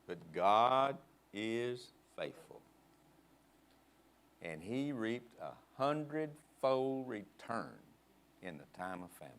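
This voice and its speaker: A man preaching a sermon in a church, emphatic, leading the congregation in call-and-response and prodding them with quick asides. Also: mid-range voice, sing-song, a bit bright, smooth. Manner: emphatic, prods the crowd with "huh?". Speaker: guest preacher. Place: church sanctuary.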